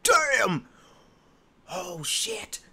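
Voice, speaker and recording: A man's voice: extremely high pitch, huge pitch swings, very slow, gravelly, bright, forceful tone. A man hosting a reaction video, casually exclaiming, swearing and laughing as he comments on a rap track.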